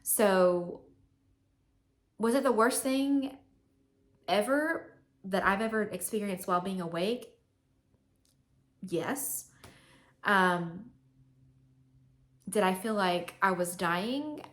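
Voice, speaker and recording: A woman's voice: mid-range voice, takes it slowly, long pauses. Chatty young woman telling her story. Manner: chatty, candid, many fillers. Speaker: vlogger. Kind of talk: casual storytelling to camera.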